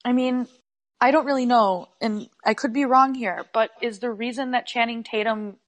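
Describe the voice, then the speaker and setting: A woman's voice: fairly high pitch, steady tone, normal speed. A woman guest on a podcast, chatting casually, laughing often and trailing off mid-thought. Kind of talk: casual chat.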